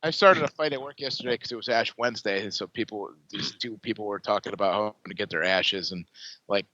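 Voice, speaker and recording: A man co-hosting a podcast, ranting in casual chat with exasperated, animated swearing. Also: lowish voice, brisk, no echo. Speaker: podcast co-host. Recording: dull lo-fi dry podcast mic.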